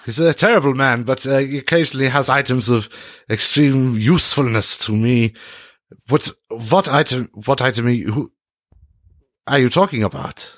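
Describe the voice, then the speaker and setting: A man's voice: medium pitch, normal speed, a bit bright, dry recording, studio quality, pitched above the performer's own voice, lightly acted. A man voicing an elderly German restaurant owner with a German accent, stiff, formal and fussy. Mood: formal, wary.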